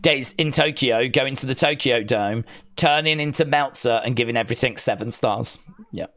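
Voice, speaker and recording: Rambling and joking, a man from England with an English accent chats casually while hosting a wrestling watch-along livestream. He speaks at normal speed in a mid-range, fairly bright voice.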